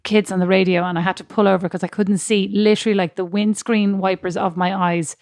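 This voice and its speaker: A woman co-hosting a podcast, telling animated, self-mocking stories in casual chat. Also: medium pitch, brisk, dry recording, clean studio sound. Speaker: podcast co-host.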